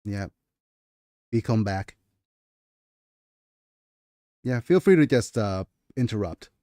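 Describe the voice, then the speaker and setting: A man's voice: on the low side, animated, slow, mellow, no echo. Guy chatting on his stream about his novel, fixes his own lines as he goes, dry mic. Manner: self-correcting, chatty. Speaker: streamer and author. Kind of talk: casual livestream chat.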